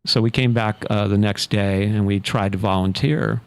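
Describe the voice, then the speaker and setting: Gravelly, low-pitched man as a podcast guest, telling his story casually. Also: normal speed. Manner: relaxed anecdotal, many fillers.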